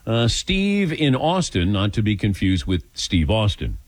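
An older male radio host chatting casually with callers and co-hosts, his pitch swinging up and down as he tells self-deprecating stories and acts out what people said. The sound is close and dry, with no room around it. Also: measured pace, no echo. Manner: self-deprecating, animated storytelling with acted-out quotes. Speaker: radio talk show host. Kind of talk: casual call-in chat.

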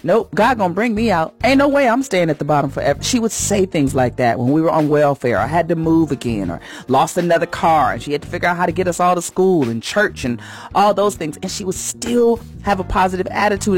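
Woman radio host, earnest and preacherly, faint music underneath. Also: fairly low pitch. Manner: warm, earnest, preacherly, rising in emphasis. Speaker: radio host giving a faith message. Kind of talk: inspirational radio talk.

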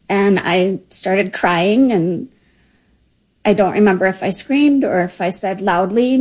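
A woman in her fifties telling a personal memory in a slow, emotional, halting way. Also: medium pitch, a little mellow, husky, low-quality recording. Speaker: story contributor. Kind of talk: personal storytelling.

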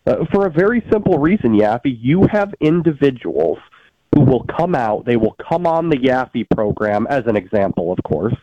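A man's voice: mid-range voice, sing-song, moderate pace, no room sound, highs cut off. A man arguing politics as a guest on a talk show, emphatic, with frequent filler sounds and restarts. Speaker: political commentator.

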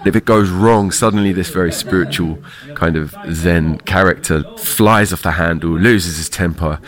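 A man's voice: deep voice, normal speed. A middle-aged man from the UK, a theater clown, answering interview questions reflectively and laughing often. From United Kingdom.

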